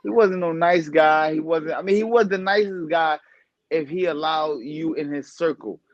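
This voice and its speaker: A boxer talking casually as a podcast guest, animated and profane, often laughing. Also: male voice, a little high, normal speed, no echo, dull audio. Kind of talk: casual interview talk.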